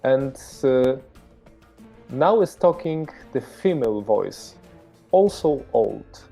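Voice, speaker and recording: A man's voice: medium pitch, big pitch swings, slow, vocal fry, warm tone, breathy edge, faint music behind. A man with a Polish accent narrating as game master of a horror tabletop game, hesitant and full of fillers. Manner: hesitant, many fillers, searching for words.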